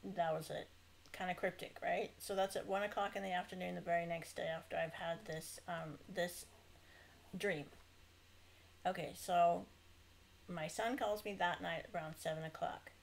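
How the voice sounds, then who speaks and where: A woman's voice: fairly low pitch, steady tone, moderate pace, vocal fry, slight background noise, rough recording. A middle-aged woman from Northern California recounting a dream in a casual, rambling testimony, full of fillers and self-corrections.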